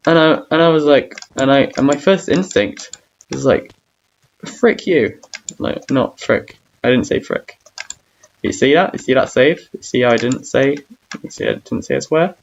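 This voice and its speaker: A man's voice: medium pitch, normal speed, vocal fry, dull audio, slight background noise. A young man chatting casually while gaming, rambling and self-mocking about his own awkwardness, humming and singing between lines. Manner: hums and sings between talk. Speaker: gamer streamer.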